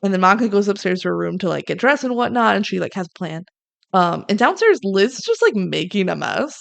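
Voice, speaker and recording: A young woman with a gravelly, vocal-fry edge talks through a film scene by scene in a relaxed podcast chat. She slips into short acted-out quotes of the characters as she goes, and her pitch sits at an ordinary middle height. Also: brisk. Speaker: podcast co-host. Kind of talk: casual movie recap chat.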